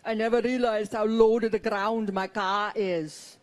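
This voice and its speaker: A woman's voice: medium pitch, steady tone, measured pace, lightly acted. A woman voicing her middle-aged husband with an Austrian accent, who says plain things urgently. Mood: earnest. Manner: urgent, emphatic delivery.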